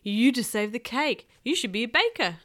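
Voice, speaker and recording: A woman reading aloud, voicing an excitable little boy in a loud, eager voice. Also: mid-range voice, moderate pace. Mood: cheerful.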